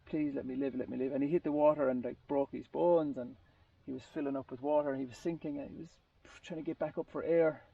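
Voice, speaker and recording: A man's voice: on the high side, steady tone, fast, creaky, few pauses, warm tone, husky, no echo. A man telling a long story in a casual group talk, rambling and often restarting his sentences. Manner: rambling, searching for words with restarts. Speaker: group participant. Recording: distant muffled lo-fi recording.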